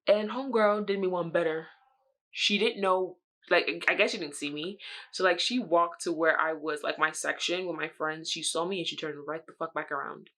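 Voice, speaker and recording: Young woman, bright lower voice, swears a lot, doing her makeup n spilling drama. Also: fairly quick. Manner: animated, swearing, acting out her own quotes. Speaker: beauty vlogger. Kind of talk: get-ready-with-me story time.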